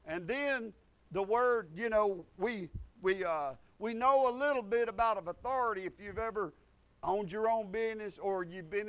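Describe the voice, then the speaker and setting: A man, preaching a folksy sermon that repeats phrases and builds to loud declarations. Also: high voice. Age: 50s.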